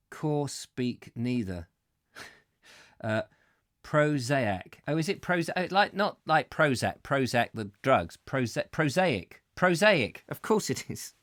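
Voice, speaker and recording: A man with a mid-range voice hosts a live-streamed book reading, chatting between passages and laughing whenever he trips over words. The sound is clean studio quality with no echo.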